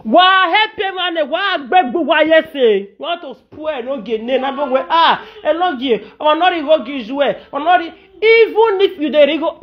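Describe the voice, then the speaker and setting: A woman's voice: high voice, lively intonation, unhurried, highs cut off. A woman with a Nigerian accent giving an emotional monologue to camera, pleading and ranting, slipping into chanted lines in a local language. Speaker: social media personality.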